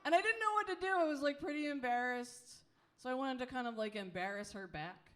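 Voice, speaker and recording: A woman's voice: high-pitched, expressive, brisk, fairly bright tone. A woman in her late thirties with a Philadelphia accent doing a live stand-up set, chatty and self-deprecating, laughing through her lines. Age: late 30s. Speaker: stand-up comedian. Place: comedy club stage.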